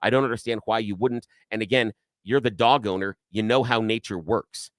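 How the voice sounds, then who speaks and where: Animated man telling a story on talk radio. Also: fairly low pitch, brisk, dry recording, studio quality. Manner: animated storyteller, acts out shouting quotes. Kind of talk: casual talk radio chat.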